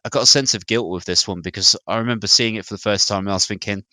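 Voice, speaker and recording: A man's voice: lowish voice, rapid-fire, pushed and bright, no echo. A British man co-hosting a casual gaming podcast, chatty and a little hesitant, telling stories as he talks. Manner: chatty, hesitant with fillers, storytelling. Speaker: podcast co-host. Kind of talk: casual gaming news chat.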